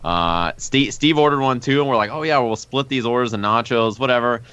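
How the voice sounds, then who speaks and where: Bright-voiced man telling a story. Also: medium pitch, a little fast, smooth, no echo, highs cut off. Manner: animated, swears casually, acts out friends' quotes. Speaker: podcast host. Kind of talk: casual storytelling chat.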